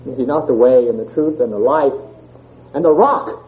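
A man's voice: mid-range voice, normal speed. A man giving a sermon, reading scripture and asking the congregation earnest questions. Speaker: church speaker. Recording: tinny phone-like sound.

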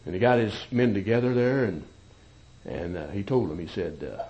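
A man preaching a sermon, emphatic, with loud peaks and quiet asides. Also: on the low side, lively intonation, normal speed, highs cut off.

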